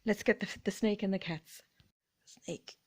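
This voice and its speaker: A woman's voice: mid-range voice, steady tone, a little fast. A woman with a British accent chatting casually on her vlog, rambling and giggling, often trailing off mid-thought. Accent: British English. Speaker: vlogger. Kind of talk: casual chat.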